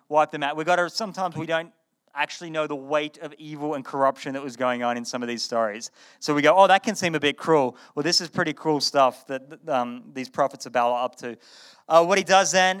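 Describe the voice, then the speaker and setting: Smooth-voiced man preaching casually. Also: fairly high pitch. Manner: conversational, animated retelling with repeated words. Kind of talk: sermon. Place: in front of a live audience.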